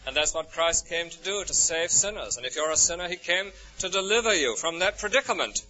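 An English preacher delivers his sermon with a bright, forceful edge. He leans on rhetorical questions, lifting high with feeling and then dropping to near a whisper. The recording is muffled and lo-fi. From England. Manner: expressive, rhetorical questions, swings from soaring to hushed. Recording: dull lo-fi recording.

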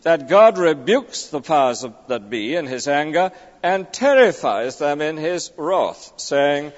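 A man's voice: fairly high pitch, very animated, unhurried. Guy preaching, emphatic w/ rhetorical questions, sound a bit dull n muffled. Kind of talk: expository sermon. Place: large church. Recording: dull recording with long church reverb.

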